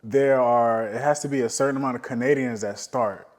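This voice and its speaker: A man hosting a podcast, chatting in a relaxed, slangy way and asking casual questions. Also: mid-range voice, brisk. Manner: relaxed, slangy, lots of short backchannel replies. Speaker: podcast host. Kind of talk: casual interview chat.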